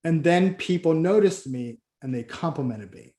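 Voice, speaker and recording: A man's voice: on the high side, animated, normal speed, dark tone, roomy sound. A man coaching a group in a casual training session, talking loosely with many restarts and acting out both sides of a conversation with a client. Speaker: Christian business coach.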